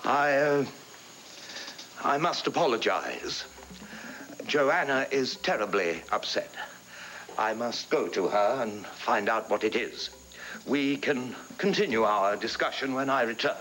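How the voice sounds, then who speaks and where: A man's voice: medium pitch, lively intonation, a little hiss or hum. Soothing aristocratic father. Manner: slow, gentle and reassuring. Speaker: wealthy English lord and doting father. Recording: distant mic with music under it.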